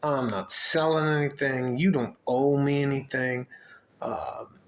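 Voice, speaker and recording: An older man speaks straight to the camera at a middle pitch, wandering from point to point with plenty of swearing and a fatherly tone. The room around him is echoey, so his voice bounces back audibly. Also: measured pace, slight background noise. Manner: rambling, profane, fatherly. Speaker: mentor and coach to young men. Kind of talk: casual vlog talk to camera. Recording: roomy echo.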